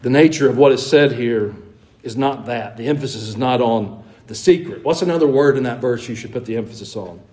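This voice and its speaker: A man's voice: medium pitch, brisk, darkish tone, rough recording. A man preaching a conversational sermon in a church, asking his congregation questions and putting on mock voices with wry asides. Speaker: pastor. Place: church sanctuary.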